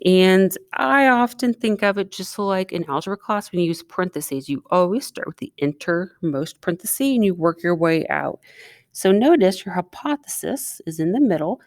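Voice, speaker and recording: Woman teacher, recorded math lesson, chatty, quizzes students as she writes, fairly low voice. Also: expressive, normal speed, no room sound, clean studio sound. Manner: chatty, asks students questions while writing.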